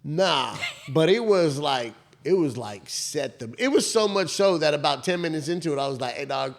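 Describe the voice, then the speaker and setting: Slightly high-pitched with vocal fry, a thirty-something podcast co-host speaks at normal speed with few pauses as he retells a story casually. His account rambles animatedly, full of "I was like" asides, frequent restarts and profanity.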